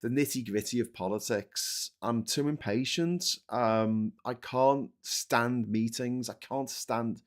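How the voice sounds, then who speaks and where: A man's voice: medium pitch, slow pace, hardly any pauses. A man with a Liverpool accent hosting a live-stream political chat, ranting with stammering restarts and swearing. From England. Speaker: livestream host.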